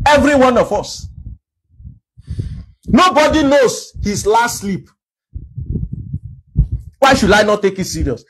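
A Nigerian man delivers a sermon in a high, somewhat husky voice. He preaches with emphasis and drives his points home with rhetorical questions. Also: big pitch swings, takes it slowly, long pauses, rough recording. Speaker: pastor.

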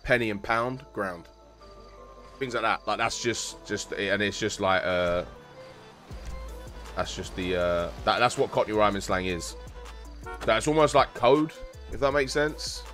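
London-accented male streamer, lowish voice, rambly and sweary, faint music behind. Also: a little slow, long pauses, fairly bright tone. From South East London. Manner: rambling, chatty explaining with swearing. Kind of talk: casual chat with stream viewers.

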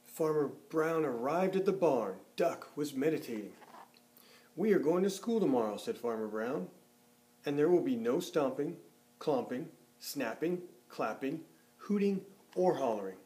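A man reads a children's picture book aloud at an unhurried pace, expressively raising his voice for the characters and letting it fall low and soft as each sentence ends.

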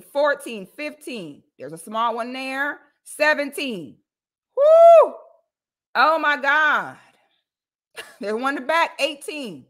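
A bright, forceful woman from Florida hosts a casual livestream, talking straight to her viewers. She is blunt and animated, with sudden loud whoops. Her voice sits a little high. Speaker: livestream host.

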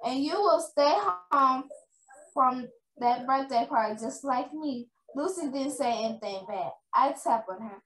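High-voiced woman reading aloud slowly. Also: fairly bright tone. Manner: halting read-aloud with restarts. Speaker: reader at a reading fair. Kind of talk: reading a children's chapter book aloud. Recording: echoey room, faint noise.

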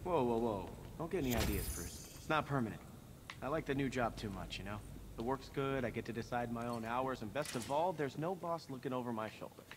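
Dude voicing a breezy cocky young hero, echoey noisy game sound. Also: male voice, medium pitch, animated, brisk, natural voice. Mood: wry. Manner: breezy, joking, chatty. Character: cocky young male acrobatic hero sidekick. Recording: reverberant game audio with noise.

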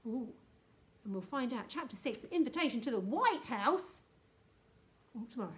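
A woman teacher reading a storybook aloud in a gentle, chatty way. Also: on the high side, animated, moderate pace.

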